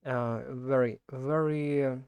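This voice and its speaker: A man who is not a native speaker of English, talking his way through practice questions, halting and correcting himself as he goes. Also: medium pitch, fairly even intonation, a little mellow, clean tone, no echo. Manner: halting, frequent self-corrections and repeats. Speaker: language learner practicing speaking. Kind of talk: unscripted spoken practice monologue.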